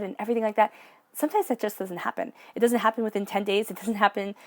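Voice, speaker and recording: A woman giving an encouraging psychic tarot reading in a gentle, spiritual way of speaking. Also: medium pitch, quick pace. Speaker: tarot reader.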